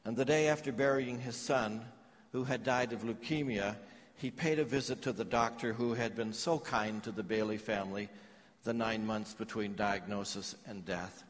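Earnest male pastor in an echoing hall. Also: lowish voice. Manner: earnest storytelling, with pauses and restarts. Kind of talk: sermon. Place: large church hall. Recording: long hall reverb.

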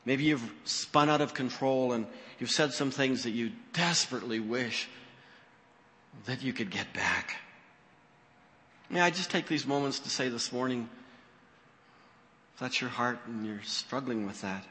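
A man's voice: mid-range voice, unhurried, pauses often, sharp tone, big-room sound. A man preaching a sermon as pastor, telling the story expressively and acting out the quoted voices.

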